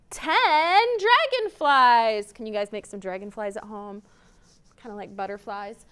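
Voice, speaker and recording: A woman who works as a children's librarian, reading a counting picture book aloud in an animated, sing-song storytime voice for small children. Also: on the high side, a little slow, clear, resonant tone.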